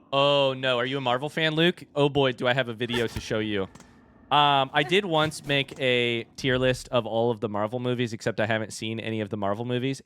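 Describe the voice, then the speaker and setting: A man streaming a video game, commentating live with excitable yelps and repeated chants, with game music under him. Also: medium pitch, clean tone. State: out of breath.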